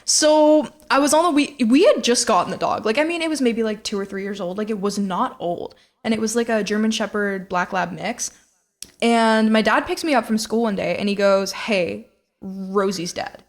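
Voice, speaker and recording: A woman's voice: on the high side, moderate pace. A young woman co-hosting a podcast, telling stories in casual chat full of fillers. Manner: chatty storyteller, many fillers. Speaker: podcast co-host.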